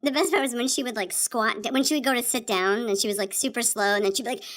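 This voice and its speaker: A woman co-hosting a casual movie review chat, giggly and animated. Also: a little high, fast talker. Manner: giggly, animated, does silly voices. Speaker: podcast co-host.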